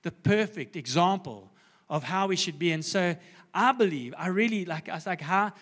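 A South African pastor preaches in an earnest, conversational way, often restarting his sentences. His voice sits somewhat high for a man. The sound carries the long reverb of a church hall. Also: animated, normal speed, fairly bright tone. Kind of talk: sermon. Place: church service.

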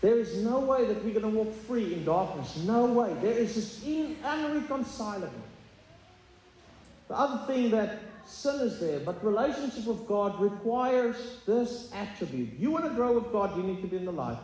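A man's voice: sits high, lively intonation, moderate pace, a little mellow. A man preaching a sermon as pastor, earnest and confessional, often stumbling over fillers and restarts. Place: church sanctuary. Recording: echoey hall, faint ambience.

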